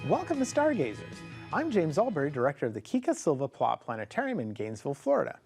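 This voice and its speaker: A man's voice: a little high, huge pitch swings, very fast, vocal fry, darkish tone, husky, soft background music. A man co-hosting a scripted astronomy program as a planetarium director, with an upbeat presenter's reading.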